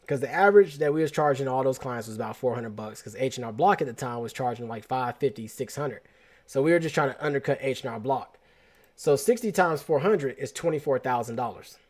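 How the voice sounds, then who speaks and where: A man host telling a personal story in a casual, slangy, animated way, often restarting his sentences. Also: medium pitch, brisk.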